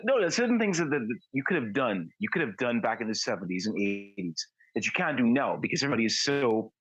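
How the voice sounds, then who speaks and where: Man, husky voice, dry close sound, halting and repetitive, podcast co-host. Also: medium pitch, big pitch swings, fairly bright tone, no echo. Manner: halting, repeats words while thinking. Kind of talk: casual chat.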